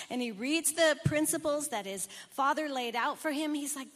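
A woman's voice: high voice, expressive, normal speed, few pauses, a bit bright, in a large hall. A woman pastor preaching a sermon, telling a story in an earnest manner.

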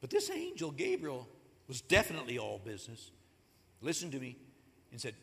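A man preaching a sermon in a church, conversational and animated, acting out the stories as he goes. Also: mid-range voice, brisk, vocal fry, pauses often. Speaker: pastor. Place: church sanctuary. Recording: echoey hall.

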